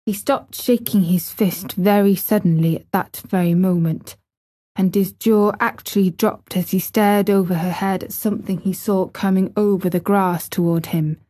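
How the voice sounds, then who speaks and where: A woman with a mid-range voice narrates a classic novel as an audiobook, telling the story in a measured, expressive way.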